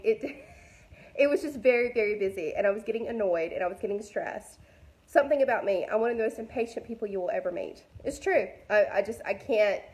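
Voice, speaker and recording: A woman's voice: a little high, darkish tone. A woman, a mother, giving a casual devotional message to women, chatty and candid with many fillers, speaking straight to her listeners. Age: adult mother. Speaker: faith vlogger speaking to women.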